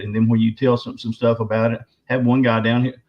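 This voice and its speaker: A man's voice: medium pitch, flat delivery, brisk, hardly any pauses, darkish tone. Rambling man telling stories. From Arkansas. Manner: rambling, emphatic storyteller with many restarts. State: voice slightly quivering with emotion. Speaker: guest author and Bigfoot researcher. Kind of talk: casual interview storytelling. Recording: slightly dull lo-fi audio.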